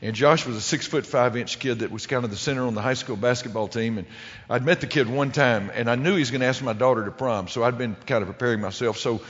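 A man's voice: medium pitch, quick pace, a bit bright. Middle-aged male preacher, folksy storyteller, full of restarts; dull recording with long reverb. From American Midwest. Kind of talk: humorous sermon story.

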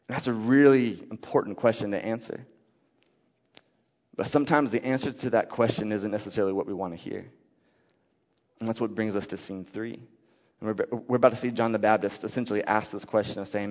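A man's voice: mid-range voice, a little fast. A man preaching a casual sermon, reading scripture and explaining it in a conversational way, full of fillers and "right?". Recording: dull sound with long hall reverb.

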